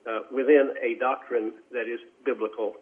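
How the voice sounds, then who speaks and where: A man who is a guest in a radio interview, speaking in a measured, courteous way with frequent fillers. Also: medium pitch, steady tone. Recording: tinny phone line.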